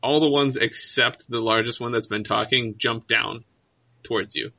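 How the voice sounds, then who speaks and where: A man runs a tabletop game, describing the scene in loose, rambling narration full of small restarts. His pitch sits mid-range for a man. The recording is slightly dull and lo-fi. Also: fairly even intonation, normal speed, vocal fry, no room sound. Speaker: game master.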